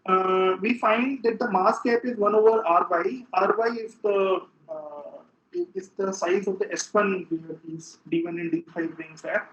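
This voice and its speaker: A man giving an academic physics lecture as the seminar speaker, halting and full of filler sounds as he explains, in a lecture room. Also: sits high, a bit bright, poor audio.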